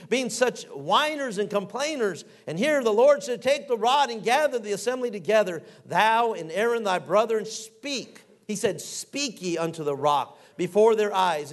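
A middle-aged man preaching a folksy, animated sermon, acting out quotes and reading scripture aloud. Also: sits high.

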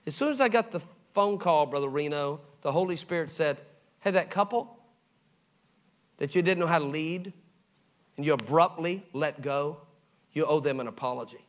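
A middle-aged pastor with a somewhat high voice tells sermon stories at a moderate pace, leaving long pauses. He animates each tale by playing out the voices, then sinks into soft, low tones when the story turns tender.

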